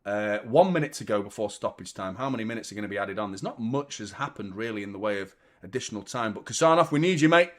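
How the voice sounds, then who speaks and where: Male watchalong host, excitable live match reactions, loud, sweary. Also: on the low side, quick pace, few pauses. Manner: excitable, swears, shouts at the play.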